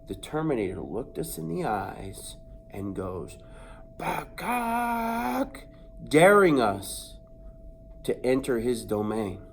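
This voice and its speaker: In a mid-range voice, against slight background noise, a man spins an amusing anecdote about himself. His delivery is animated, full of acted-out voices and sound effects, and he builds tension toward the payoff.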